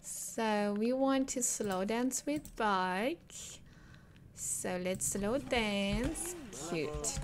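A woman talks through a life-simulation game at an unhurried pace, coaxing and scolding the characters as she plays. Soft music plays faintly behind her casual, chatty voice. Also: medium pitch, expressive. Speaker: gameplay commentator. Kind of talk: casual gameplay commentary.

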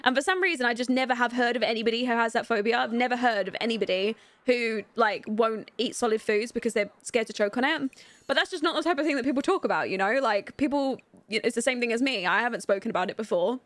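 A young woman streaming a life-sim game, chatting candidly with viewers, rambling with lots of fillers and quick to laugh. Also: on the high side, a bit bright, dry recording. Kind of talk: casual live-stream chat while playing.

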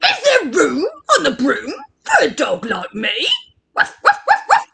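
A woman's voice: high voice, wildly swooping pitch, unhurried, gravelly, bright, forceful tone, full character voice. A woman voicing an eager, keen male dog in a storybook reading, barking happily. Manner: bouncy, barking.

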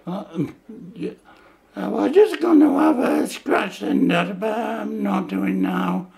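A man voicing a nosy, excitable young male dog who chatters eagerly. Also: sits high, takes it slowly, gravelly, echoey room, voice pushed up, full character voice. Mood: excited.

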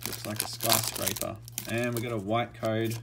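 A man's voice: on the low side, little pitch movement, moderate pace, gravelly, heavy background noise. A man giving casual, murmured commentary as he opens trading card packs. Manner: murmured running commentary that bursts into shouting and laughter. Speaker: card-opening vlogger.

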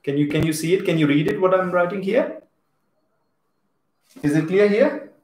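A man's voice: sits high, moderate pace, a little mellow. A man with an Indian English accent teaching a live online English class, chatting and reading out viewers' comments as he goes. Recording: echoey room.

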